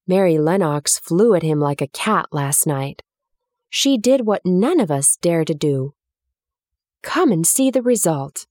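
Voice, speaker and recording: A woman reading a storybook, voicing a stern middle-aged housekeeper with a brisk, confiding manner. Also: on the low side, expressive, a little mellow, no room sound, clean studio sound.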